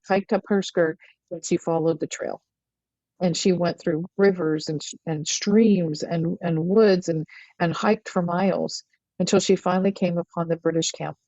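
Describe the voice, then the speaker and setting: A middle-aged woman telling a story as a podcast guest, earnest and animated, often restarting her sentences. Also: on the low side, no echo. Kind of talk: storytelling in conversation. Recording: dull, lo-fi and dry.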